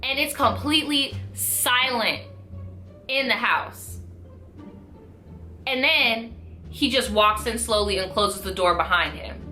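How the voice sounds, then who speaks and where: Young woman vlogger spilling a story, bright voice, lots of slang and swearing. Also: a little high. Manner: animated, profane, slangy storytelling. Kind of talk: storytime vlog.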